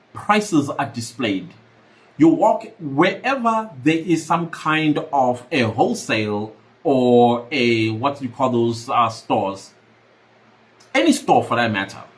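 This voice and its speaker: A man's voice: fairly high pitch, low-quality recording. A South African man hosting a podcast, giving emphatic commentary and repeating his points for emphasis. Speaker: podcast host. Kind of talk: reaction commentary.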